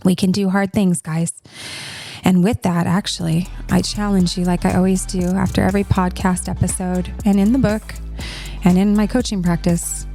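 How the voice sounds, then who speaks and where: Woman, 30s, podcast coach; earnest and soothing, mellow and a little gravelly. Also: on the low side, flat delivery, normal speed, faint music behind. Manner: earnest, soothing, direct address to listeners. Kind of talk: heartfelt podcast chat.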